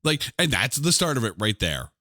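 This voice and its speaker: A man's voice: medium pitch, normal speed, dry recording, clean studio sound. A man co-hosting a podcast, chatting casually and animatedly about music. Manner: chatty and animated, with frequent "like" fillers. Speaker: podcast co-host.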